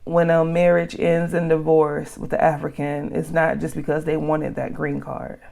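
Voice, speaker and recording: Blunt low-voiced woman vlogger. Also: normal speed, creaky. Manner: blunt, animated advice with slang. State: out of breath. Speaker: channel host. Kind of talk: reaction commentary to a reader's post.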